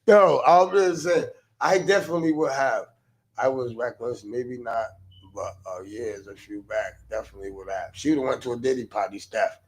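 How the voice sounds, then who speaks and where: A man co-hosting a casual podcast livestream, telling stories loudly and mimicking other people's voices. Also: medium pitch, normal speed, husky. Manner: animated, loud storytelling with mimicked voices. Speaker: podcast co-host.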